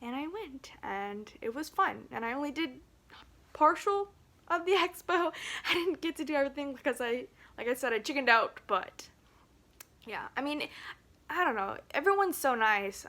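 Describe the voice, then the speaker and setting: Woman vlogger, slightly high voice; halting, rambling phone-camera talk, emotional and close to tears. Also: sharp tone. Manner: rambling and halting, with frequent restarts and nervous laughs.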